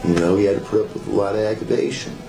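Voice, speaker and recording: A band member reflecting thoughtfully in a documentary interview. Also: male voice, lowish voice, rapid-fire, vocal fry, music in the background, poor audio.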